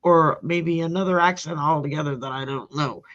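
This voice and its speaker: A woman's voice: low voice, moderate pace, a bit bright. A woman hosting a live tarot stream in a rambling, laid-back way, reading out viewer names. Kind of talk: casual live-stream chat. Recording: dull lo-fi stream audio.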